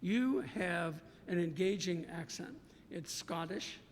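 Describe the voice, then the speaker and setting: An American man hosting a podcast interview, effusive and halting, often restarting his sentences. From United States. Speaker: podcast host. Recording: reverberant room with faint rumble.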